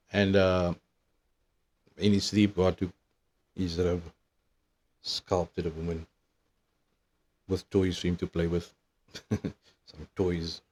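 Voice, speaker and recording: Deep-voiced man rambling profanely. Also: little pitch movement, slow, pauses often, darkish tone. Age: 30s. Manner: profane, meandering storytelling. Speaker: vlogger. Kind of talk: casual rambling monologue.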